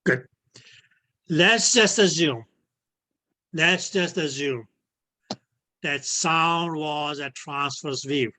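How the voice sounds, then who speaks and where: A man teaching an online physics class, slowly and patiently, filling his speech with "okay" and making small grammar slips. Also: a little high, bright, forceful tone. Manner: repeats "okay" as filler, non-native grammar slips. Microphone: video call.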